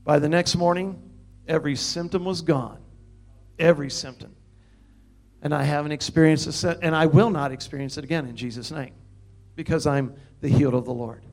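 An older man preaching, telling a story in an animated way and breaking into loud laughs and high exclamations. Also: brisk. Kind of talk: sermon testimony.

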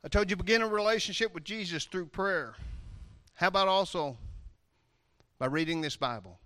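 A male preacher giving a lively, playful sermon, swinging from loud outbursts to quiet asides. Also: sits high, normal speed, pauses often, dry recording, studio quality. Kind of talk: animated sermon.

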